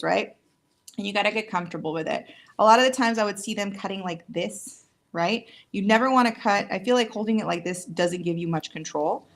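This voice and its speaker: A woman's voice: on the low side, fairly bright tone. A chatty woman demonstrating nail tools while she works, casual and a little tired, joking at herself as she goes. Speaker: nail tech demonstrating products on a livestream. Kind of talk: casual live product demonstration.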